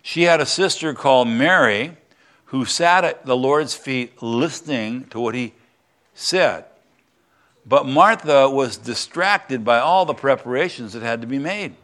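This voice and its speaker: A man's voice: medium pitch, lively intonation, a little slow, a bit bright. An older man from the United States, a semi-retired pastor, giving a conversational Bible lesson and asking the congregation questions. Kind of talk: sermon.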